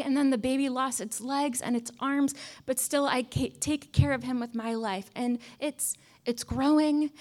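A woman voicing a tiny male shrimp father who pleads for his life in a high put-on voice, during a sermon. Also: darkish tone, close to an everyday voice.

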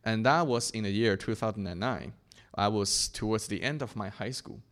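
A man's voice: on the low side, moderate pace, fairly bright tone. Earnest young man from China. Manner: earnest, reflective, with frequent restarts and fillers. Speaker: speaker sharing his faith testimony. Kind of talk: personal testimony talk.

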